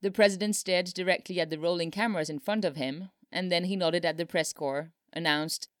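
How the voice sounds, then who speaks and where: Low, smooth woman reading a story. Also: steady tone, normal speed, dry recording, clean studio sound. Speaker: narrator.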